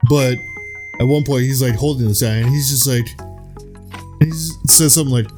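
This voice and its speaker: A man's voice: mid-range voice, moderate pace, long pauses, mellow, faint music behind. A young man co-hosting a podcast, chatting casually, rambling and swearing, breaking into silly impressions now and then. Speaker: podcast co-host. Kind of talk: casual chat.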